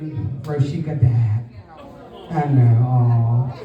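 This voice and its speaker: A woman's voice: extremely low pitch, wildly swooping pitch, slow pace, warm tone, lo-fi sound. A woman doing a live stand-up comedy set in a club, brash and working the crowd. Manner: brash crowd work, calling out to the audience. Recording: roomy live sound, distant from the mic. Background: faint audience crowd.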